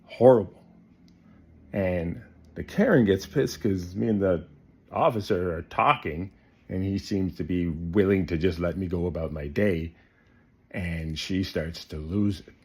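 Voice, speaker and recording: A man telling a comic story to the camera, swinging between loud bursts and hushed asides. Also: sits low, unhurried, breathy edge.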